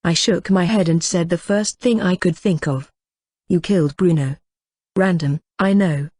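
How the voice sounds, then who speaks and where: A woman reading a novel aloud in first person, as a steady storytelling narration. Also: fairly low pitch, moderate pace, no room sound. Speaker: audiobook reader.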